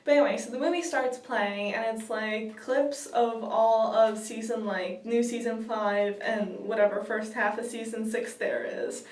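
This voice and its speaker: A young woman vlogger, her voice a little high and steady, tells a story in an excited, casual way, unhurried yet with hardly any pauses. She giggles and gushes, filling her speech with fillers, and the recording is roomy and distant from the mic.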